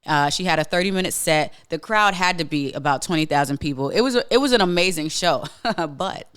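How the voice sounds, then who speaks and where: A man's voice: a little high, lively intonation, fast, fairly bright tone, smooth. A man hosting a casual monologue podcast, talking bluntly and emphatically, repeating lines for weight and restarting sentences often. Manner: frequent restarts and filler words. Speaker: podcast host.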